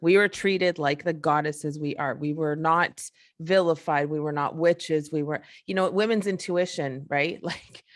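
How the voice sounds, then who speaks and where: A woman's voice: low voice, fairly even intonation, unhurried, few pauses. A woman hosting a solo podcast, ranting in a frustrated, emphatic, profane way. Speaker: podcast host. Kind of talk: casual solo podcast rant.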